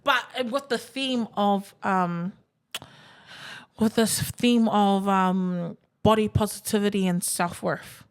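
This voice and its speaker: A woman's voice: medium pitch, slow, clean tone. A woman hosting a casual podcast, chatty and giggly, with slangy asides. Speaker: podcast host.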